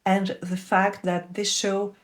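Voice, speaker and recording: A woman's voice: medium pitch, flat delivery, slow pace. Woman reviewing a show. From Russia. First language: Russian. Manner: wry, candid and enthusiastic. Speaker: TV show reviewer and English teacher. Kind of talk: scripted video essay commentary.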